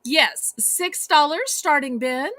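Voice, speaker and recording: A woman's voice: high voice, expressive, slow, bright, forceful tone, no echo. Bubbly Southern woman auctioneer. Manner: sweet, chatty salesy patter addressing viewers as y'all. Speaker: live auction host. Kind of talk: live home-shopping auction.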